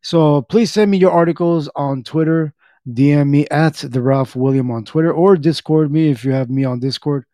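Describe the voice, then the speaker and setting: Dude hosting his podcast, rambly, lots of uhs, kinda dark mellow tone, dry close mic. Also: on the high side, moderate pace, dry recording. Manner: rambling, filler-heavy, joking with chat. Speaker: podcast host. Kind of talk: casual chat reading chat and articles.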